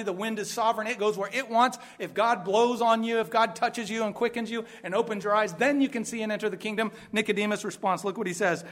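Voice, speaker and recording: A man preaching a sermon, emphatic, moving between quiet asides and loud outbursts. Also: high-pitched. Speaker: pastor.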